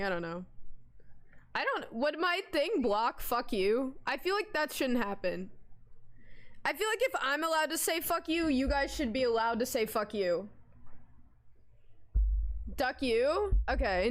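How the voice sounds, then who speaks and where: A young woman streamer chatting casually on a live stream, swearing freely and telling stories dramatically. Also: sits high. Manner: animated, swearing, dramatic storyteller.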